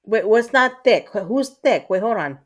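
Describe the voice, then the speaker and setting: A woman's voice: medium pitch, animated, a little slow. A woman in her thirties hosting a livestream, chatting casually with her viewers, rambling and cursing, with lots of fillers and restarts. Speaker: livestream host.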